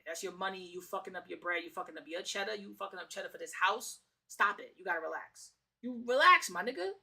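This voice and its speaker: A woman from the Bronx reacts to clips on her stream in heated, slangy, profane talk. She keeps repeating her phrases, and her voice is bright and forward. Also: medium pitch, vocal fry. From The Bronx, New York. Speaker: streamer host. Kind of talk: casual reaction commentary.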